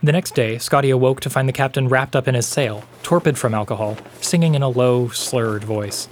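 A man narrating a fantasy story in a measured, expressive reading voice. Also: mid-range voice, a little hiss or hum. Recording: faint background music.

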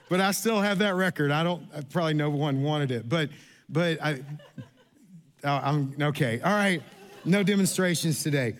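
In a church sanctuary, a male pastor with a fairly high voice preaches at a normal speed. He tells a story in a chatty, self-deprecating way, restarting often and acting out the people he quotes.

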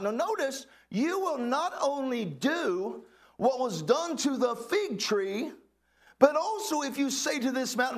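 A man's voice: extremely high pitch, big pitch swings, measured pace. A male pastor preaching a sermon to a congregation, calling out questions and exclamations. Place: church hall with a congregation.

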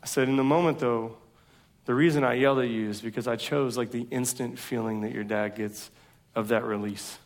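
A man's voice: mid-range voice, fairly even intonation, fairly quick. A man in his thirties preaching a sermon, telling self-deprecating stories in a casual, slangy way. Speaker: pastor.

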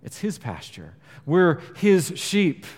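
A man preaching a sermon. He talks earnestly, swells louder on key points and drops quiet on scripture. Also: a little high, huge pitch swings, takes it slowly, breathy edge. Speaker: pastor. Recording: long reverb of a large hall.

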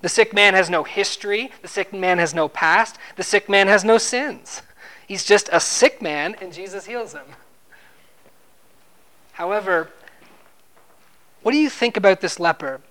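A man's voice: high voice, a little slow, pauses often, sharp tone. A man preaching an expository sermon in a conversational way, asking his listeners questions and repeating words when he stresses a point.

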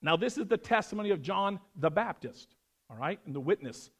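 Middle-aged male pastor, high voice, teaching a verse-by-verse sermon; animated, with loud stresses and hushed asides. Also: a little fast, husky. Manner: animated, swings from loud emphasis to quiet asides.

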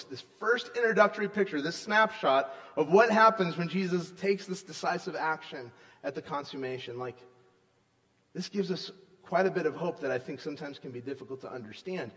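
A man preaching a sermon as pastor, emphatic, often checking in with "right?" and swinging between loud stresses and soft, low asides. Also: animated, normal speed. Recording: long reverb of a large hall.

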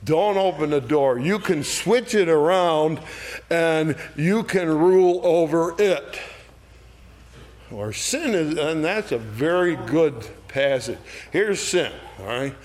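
A man with a slightly high voice speaks slowly as he leads an unscripted adult Bible study, discussing verses in a conversational manner and checking in with "all right?" often. He acts out the quoted voices in a lively way.

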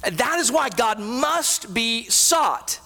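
A man preaching a sermon as a pastor, animated, with frequent rhetorical questions. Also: extremely high pitch, takes it slowly. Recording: reverberant hall.

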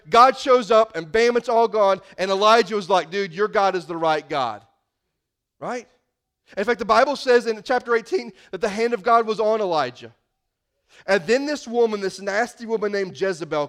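A man preaching a sermon to his congregation in a church, telling a scripture story with lively, acted-out dialogue. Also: high voice. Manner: animated storytelling, acting out scripture scenes. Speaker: pastor. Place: church sanctuary.

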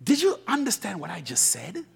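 Animated preaching man, high lively voice. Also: normal speed, gravelly, slightly rough. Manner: animated preaching, rising to shouts, laughing asides; swings between soft low asides and loud emphatic lines. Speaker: pastor. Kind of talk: sermon.

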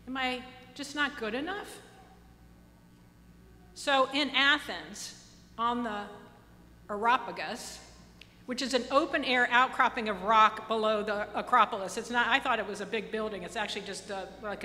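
A woman pastor delivers a sermon in a bright, somewhat high voice. She speaks earnestly, slowing down on key phrases and slipping into casual asides. Her voice carries a long reverb from the church around her.

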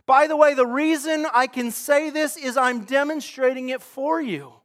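A middle-aged man preaching a sermon as pastor, earnest, swinging between loud emphatic lines and hushed, quiet ones. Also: very high-pitched, moderate pace, hardly any pauses.

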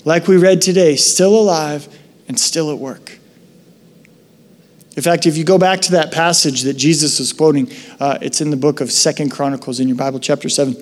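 A man preaching a sermon as a pastor, conversational and animated as he tells a story. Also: fairly high pitch, in a large hall. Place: church sanctuary.

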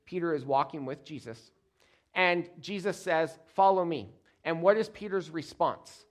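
A male pastor delivering a sermon with a somewhat high voice. He preaches emphatically, pausing for effect and repeating key phrases. He swings between loud, stressed words and quiet, low-pitched endings.

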